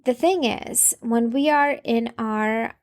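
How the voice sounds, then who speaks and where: A fairly high-voiced woman in her thirties talks on her podcast in a loose, chatty way. She leans on fillers, restarts her sentences and laughs softly now and then. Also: slow. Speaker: podcast host. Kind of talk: casual advice podcast.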